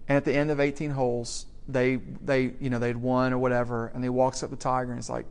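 A man preaching a sermon, telling a story with asides to the audience and swinging from hushed to loud. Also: mid-range voice, little pitch movement, fairly quick, few pauses, clean tone.

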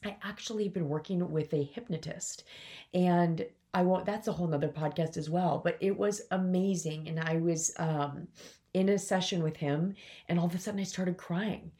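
A woman's voice: on the low side, moderate pace, dark tone. A woman in her forties, a business coach hosting her own podcast, talking candidly and emotionally while trying not to cry. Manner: emotional, fighting back tears, candid. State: on the verge of tears. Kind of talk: personal solo podcast talk.

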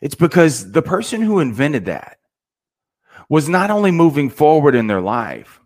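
A man's voice: on the high side, normal speed. Man giving a casual motivational talk. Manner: casual, animated, says "man" often. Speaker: podcast host.

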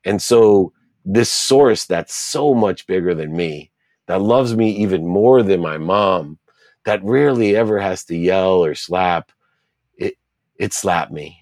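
A man's voice: sits low, expressive, takes it slowly, darkish tone, no room sound, studio quality. A middle-aged man, an interview guest, telling his life story in an earnest, reflective way and stacking repeated phrases.

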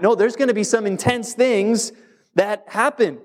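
A male pastor preaching a sermon, emphatic, who slows down on key words. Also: high-pitched, animated.

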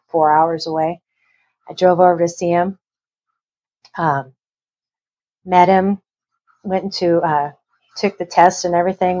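A middle-aged woman, an interview guest, tells a personal story in a rambling way and acts out the voices of the people she quotes. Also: lowish voice. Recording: dull lo-fi recording.

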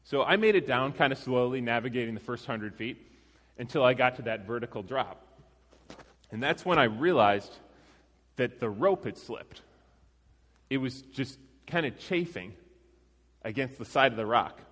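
A man's voice: mid-range voice, expressive, normal speed, pauses often, a bit bright. Conversational male preacher in a big hall. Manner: conversational, self-deprecating, with laughs. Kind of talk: sermon with personal story. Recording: long reverb of a large hall.

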